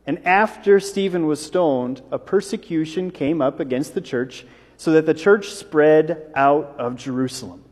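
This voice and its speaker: A man's voice: fairly high pitch, a little slow, a little mellow. Man preaching a sermon in a reverberant church. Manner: conversational, with small jokes and asides. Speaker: pastor. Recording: long reverb of a church hall.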